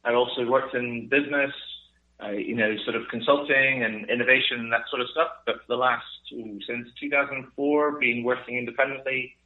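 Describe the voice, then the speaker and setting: A man's voice: medium pitch, steady tone, a little fast. A British man from the United Kingdom answering interview questions politely, rambling with many fillers. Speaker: guest consultant. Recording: tinny phone line.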